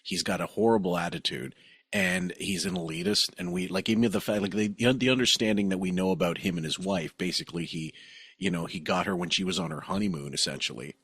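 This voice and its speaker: A man's voice: low-pitched, fast talker, a bit bright, breathy edge, dry recording, clean studio sound. A man co-hosting a podcast, rambling and laughing as he chats, with frequent swearing. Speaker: podcast co-host. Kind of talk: casual podcast chat.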